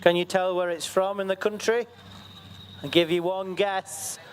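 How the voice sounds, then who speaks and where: A man giving excitable, jokey live commentary at an outdoor event. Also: high-pitched, unhurried. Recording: faint outdoor background noise.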